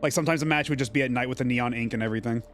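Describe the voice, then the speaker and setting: A man's voice: medium pitch, racing, fairly bright tone, faint music behind. A man streaming a video game, chatting casually in a rambling way with many fillers. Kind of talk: casual gameplay commentary.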